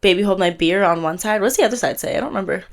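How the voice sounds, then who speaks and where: A woman in her twenties from Canada, co-hosting a podcast in casual chat, telling an animated story and acting out what people said. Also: medium pitch, very fast, creaky. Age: 20s. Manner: animated storytelling, acts out quotes. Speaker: podcast co-host.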